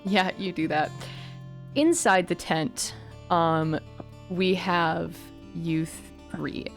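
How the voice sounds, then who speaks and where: A woman running a tabletop role-playing game as game master, narrating in a gentle, measured way. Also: lowish voice, faint music behind.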